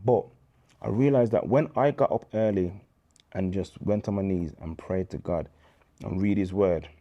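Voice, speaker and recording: Low, dark-voiced Birmingham man storytelling. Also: normal speed, dull audio. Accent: Birmingham English. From England. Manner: animated, preacherly storytelling with slang. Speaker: guest, charity founder. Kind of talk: casual interview chat.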